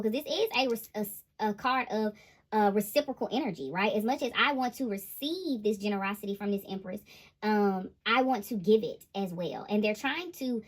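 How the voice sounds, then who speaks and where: Lively woman doing a tarot reading. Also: a little high, a little fast. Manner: animated, laughing, exclaiming "ooh, child". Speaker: intuitive tarot reader. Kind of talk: casual tarot reading to viewers.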